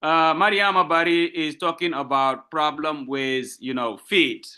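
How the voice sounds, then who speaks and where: A literature lecturer with a French-speaking West African accent teaches poetry in a live online class, switching between French and English as he asks rhetorical questions and patiently repeats his points. His voice is on the high side, steady, a little slow, and pushed and bright.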